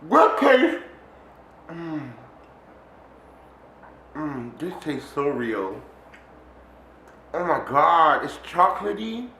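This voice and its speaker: A man chatting excitedly in a casual DIY vlog, full of fillers and exclamations. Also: fairly high pitch, extremely slow, long pauses, roomy sound. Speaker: DIY candy vlogger.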